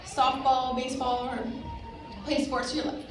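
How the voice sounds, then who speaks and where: High-voiced rallying woman in echoey hall. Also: level tone, unhurried, music in the background. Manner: rallying, emphatic, addresses crowd directly. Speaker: motivational speaker at a sales event. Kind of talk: motivational stage speech. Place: large event hall. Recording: echoey hall recorded from far off.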